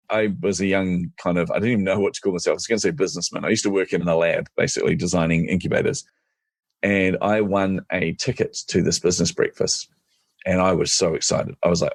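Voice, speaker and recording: A middle-aged man speaks as a podcast guest in a very deep voice with a gravelly, husky edge. He tells a personal anecdote in a lively way and acts out his own thoughts. The recording is dry, with no room sound. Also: quick pace, no echo. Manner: animated anecdote-telling, acting out his inner voice. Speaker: podcast guest, marketing strategist. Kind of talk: storytelling in an interview.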